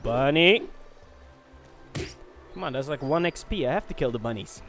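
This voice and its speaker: A man joking and swearing his way through a fantasy game in casual let's-play commentary. His voice sits a little high and swings widely. Game music hums faintly behind. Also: measured pace, creaky, pauses often. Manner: joking, profane, excitable. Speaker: gaming video host.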